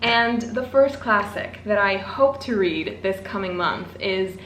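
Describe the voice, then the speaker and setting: A young booktuber chats casually in a book vlog, bubbly and self-mocking with dramatic asides. She has a mid-range, slightly bright voice and an unhurried pace. The room is echoey, with faint ambience and slight background noise.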